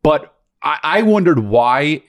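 A man co-hosting a podcast in casual chat, animated and swearing often, restarting his sentences. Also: on the high side, slow. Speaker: podcast co-host.

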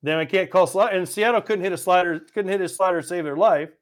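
A man telling animated, profane stories in a casual podcast chat, acting out the quotes. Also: sits high, fast. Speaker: podcast co-host and former teammate.

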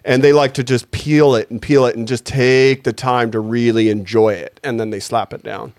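A man's voice: medium pitch, steady tone, normal speed, darkish tone, no room sound, studio quality. A man co-hosting a podcast, talking in a loose, profane, joking way. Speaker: podcast co-host. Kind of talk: casual chat.

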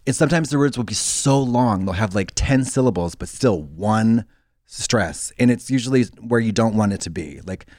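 A man co-hosting a podcast, in casual chat that rambles with halting restarts. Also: no room sound, studio quality. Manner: rambling, halting restarts, lively pitch swings. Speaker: podcast co-host.

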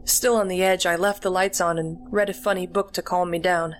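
A woman narrates a chilling first-person horror tale, reading in a measured, deliberate way. Her voice sits a little low for a woman. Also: level tone, slight background noise. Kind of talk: scripted horror story narration.

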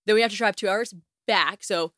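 A young woman from the United States hosting a casual solo podcast, telling stories in a chatty, animated way with plenty of swearing and acted-out quotes. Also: medium pitch, a little fast, no echo, clean studio sound. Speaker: podcast host.

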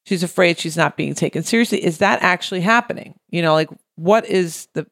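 A woman co-hosting a casual talk show podcast works through a listener's problem, thoughtfully asking herself questions. Her voice is fairly low, brisk and a bit bright, captured in a dry, studio-quality recording.

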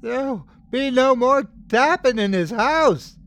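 A man voicing a crazed, furious young mother with shrill, trembling shouts, pitched far above his own voice. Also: animated, slow, a little hiss or hum, heavily acted. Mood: frenzied shouting.

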